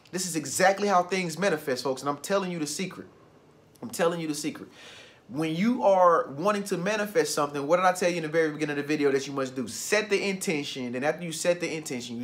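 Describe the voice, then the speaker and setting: Man, high voice, casual motivational vlogger who repeats key phrases. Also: fairly bright tone. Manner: loose, conversational, repeats phrases for emphasis. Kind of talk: motivational talk to camera.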